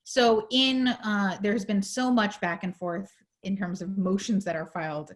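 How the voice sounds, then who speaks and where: A woman on a video call explaining a legal case in a panel talk, measured, with many fillers, her voice going hoarse. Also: medium pitch, steady tone. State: losing her voice. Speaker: legal advocate in a panel discussion.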